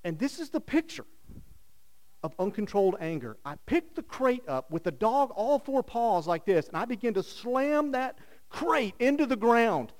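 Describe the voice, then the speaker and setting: High-voiced animated male pastor preaching. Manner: animated storytelling, rhetorical questions, swings from loud to hushed. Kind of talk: sermon.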